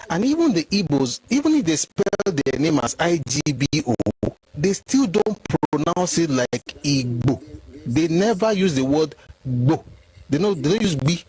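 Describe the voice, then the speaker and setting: A man's voice: a little high, a little mellow, low-quality recording. A man from Ife with a Nigerian Yoruba accent, giving a heated, indignant monologue with combative repetition. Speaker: commentator.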